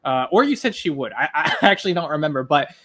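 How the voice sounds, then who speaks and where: A man's voice: a little high, lively intonation, fast, bright, forceful tone. A man co-hosting a reaction show, casually posing long, rambling questions to his co-host. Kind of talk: casual discussion.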